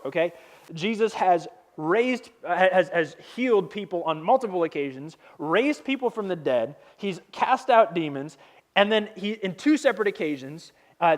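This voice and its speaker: High-voiced man preaching casually. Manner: casual, humorous storytelling with slang. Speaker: pastor. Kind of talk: sermon.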